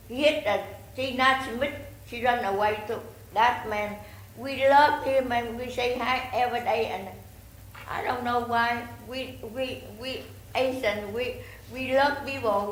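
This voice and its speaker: Vietnamese-accented woman pleading at a council podium mic, broken english, keeps restarting, roomy echo. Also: a little high. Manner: halting broken English, many restarts and repetitions. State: distressed, pleading. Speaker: resident giving public comment. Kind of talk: public comment at a city council meeting. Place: city hall council chamber. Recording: echoey chamber with faint background noise.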